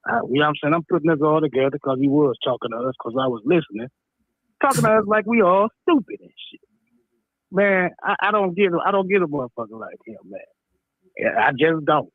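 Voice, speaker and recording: A man on a tinny phone line, his voice a little higher than most. He rants bluntly, with heavy profanity and street slang, and the sound is dry and close. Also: animated, fairly quick, no echo. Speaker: show regular calling in. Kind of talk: heated talk-radio rant.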